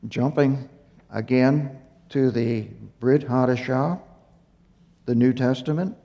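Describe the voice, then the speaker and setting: A man giving a Bible teaching, speaking slowly and haltingly with fillers and self-corrections, a little out of breath. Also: medium pitch. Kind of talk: unhurried Torah teaching. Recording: muffled recording in a reverberant hall.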